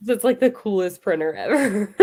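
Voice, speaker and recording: A woman's voice: mid-range voice, very animated, a little slow, warm tone. A young woman, co-hosting a book club and chatting casually, laughing often and quoting herself. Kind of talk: casual chat.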